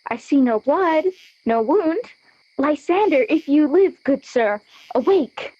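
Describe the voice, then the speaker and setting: Scorned young noblewoman , teen girl reading; high, slow, plaintive, dry dull recording. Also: expressive, mellow. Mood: lamenting. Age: teens. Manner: plaintive, pleading verse reading. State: out of breath. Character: young scorned noblewoman, desperate and self-pitying. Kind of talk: school audio play of verse drama.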